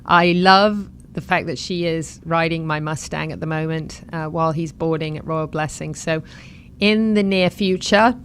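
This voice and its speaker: A woman's voice: low voice, steady tone, moderate pace, a little hiss or hum. A woman hosting a horse talk show, chatting enthusiastically and reading sponsor lists.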